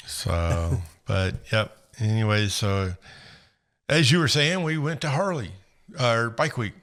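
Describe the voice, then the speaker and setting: Man, podcast co-host, gravelly, lowish voice, rambling casual storytelling. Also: slow pace, pauses often, a bit bright. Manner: rambling, laughs at his own stories.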